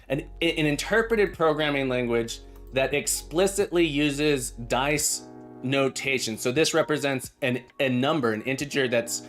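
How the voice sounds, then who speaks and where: A man chatting casually on a live coding stream, upbeat and rambling as he greets and answers his viewers. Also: on the high side. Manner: chatty and upbeat, reads and welcomes chat viewers; rambling, with many restarts. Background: faint background music.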